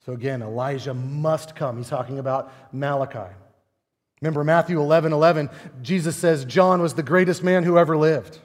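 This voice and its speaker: A male pastor preaching a sermon, animated and emphatic, with many rhetorical questions. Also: fairly high pitch, brisk, long reverb tail.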